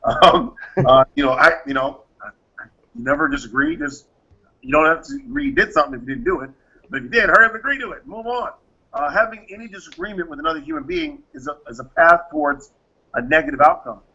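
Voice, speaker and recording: A man with a gravelly, slightly husky voice that swings widely up and down as he explains his methods and acts out quoted exchanges. His tone is bright and forceful. The audio is dull and lo-fi. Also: a little high. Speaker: guest, private security firm founder. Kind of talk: interview answers, explaining.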